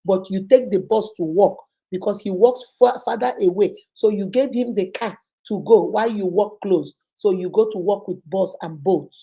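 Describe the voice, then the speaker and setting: Warm Nigerian woman counselor. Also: mid-range voice, moderate pace, few pauses, slightly rough. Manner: probing, repeats the listener's words back in long lists. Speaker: relationship counselor and host. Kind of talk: storytelling advice talk.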